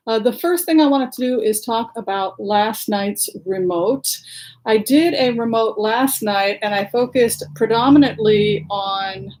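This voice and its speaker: A woman's voice: a little high, darkish tone. A woman hosting a casual livestream, greeting viewers by name and talking with many fillers and restarts. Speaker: livestream host and tarot reader.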